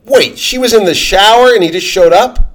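A man's voice: high voice, normal speed, a bit bright. A man co-hosting a casual podcast, reacting to comic book talk with incredulous, teasing banter. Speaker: podcast co-host.

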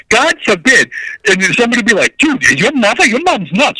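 A man in casual chat, lively and quick to laugh. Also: very high-pitched, low-quality recording.

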